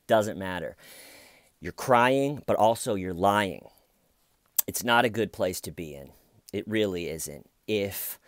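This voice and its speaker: A man's voice: lowish voice, smooth, dry recording. A man giving casual, sarcastic commentary on a YouTube video, joking and conversational. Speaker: YouTube true-crime commentator.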